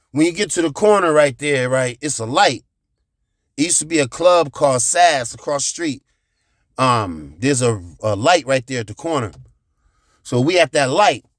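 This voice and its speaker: A man telling a profane childhood story, animated, with sound effects and shouted reenactments. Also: sits high, dry recording, clean studio sound. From United States.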